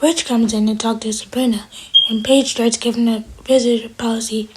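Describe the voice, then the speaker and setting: A woman's voice: fairly high pitch, flat delivery, background noise. A woman recapping a TV episode in a casual, chatty way. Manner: fast, chatty retelling. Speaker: TV episode reviewer.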